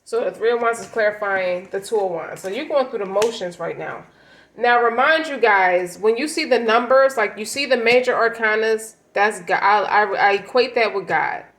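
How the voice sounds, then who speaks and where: A woman's voice: mid-range voice, moderate pace, a bit bright, echoey room, rough recording. A woman giving a casual tarot reading, talking in a blunt, slangy, emphatic way. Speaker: tarot reader.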